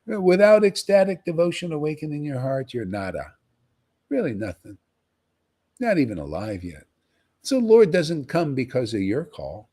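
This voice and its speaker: A man preaching on a livestream in an emphatic, animated way, often tossing in "man.". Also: a little high, moderate pace, husky. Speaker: spiritual teacher.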